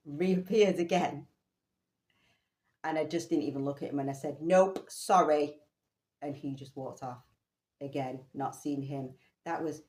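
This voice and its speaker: A low-pitched woman telling a personal story in an animated way, with casual swearing. Her voice rings out in an echoey room. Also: slight background noise. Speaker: vlogger.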